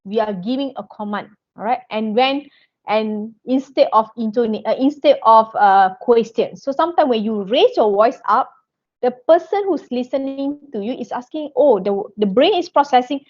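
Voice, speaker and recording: A woman's voice: a little high, lively intonation, moderate pace, a little mellow. A woman giving an online lecture, checking in with "okay" and "all right" all the time and often restarting her sentences. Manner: non-native phrasing, frequent restarts. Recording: dull lo-fi audio.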